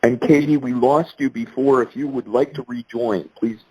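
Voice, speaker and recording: A man's voice: medium pitch, steady tone, normal speed, mellow, slightly rough, dull audio. A man moderating a town hall meeting, thanking speakers and inviting them back. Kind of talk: hosting an online meeting.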